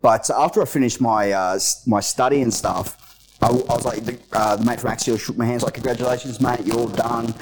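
A man's voice: medium pitch, brisk, slight background noise, low-quality recording. A man co-hosting a podcast in a studio, telling a rambling story with lots of swearing. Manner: rambling, swears often, acts out quotes. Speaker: podcast co-host. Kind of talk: casual storytelling chat.

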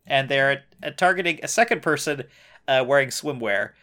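A man's voice: medium pitch, lively intonation, moderate pace, bright, forceful tone. A man co-hosting a casual recap chat, riffing on the plot with sarcastic asides. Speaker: podcast co-host.

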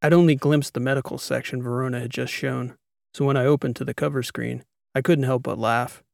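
A man narrates a first-person sci-fi audiobook, telling the story in a wry, conversational way. His voice has a gravelly grain. The recording is close and dry, with no room sound. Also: mid-range voice, fairly even intonation, brisk, a little mellow, no echo.

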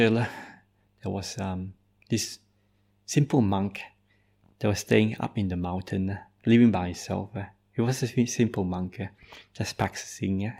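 A Buddhist monk telling a story in a dharma talk, speaking hesitantly and tagging nearly every phrase with "eh". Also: male voice, sits low, creaky, a little mellow.

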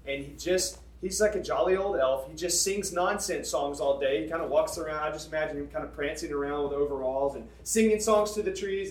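A man telling a story in a sermon, in a conversational, animated and emphatic way. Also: a little high. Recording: echoey room, distant mic.

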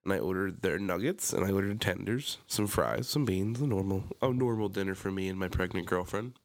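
A young podcast co-host with a Philadelphia-area American accent chats casually, telling animated stories, swearing a lot, and loudly acting out quotes. His voice is deep and brisk.

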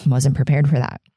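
Brief: woman in her 30s, podcast host, tearful and candid, mellow voice, dry close sound. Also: a bass voice, no room sound. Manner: halting, emotional, frequent fillers and laughs. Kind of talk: candid solo podcast confession.

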